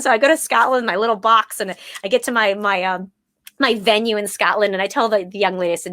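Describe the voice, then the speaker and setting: An American woman, an actress and playwright in her thirties, telling a story in a casual, animated way and quoting herself and others with lively jumps in pitch. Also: brisk, no echo. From United States.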